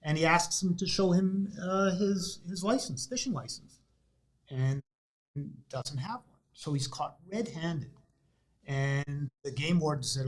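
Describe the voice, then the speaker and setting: Man telling jokes, fairly high voice. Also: measured pace, rough recording. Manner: relaxed storyteller, hesitant at times. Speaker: guest, doctor and joke-book author. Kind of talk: interview chat and joke telling. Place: office studio.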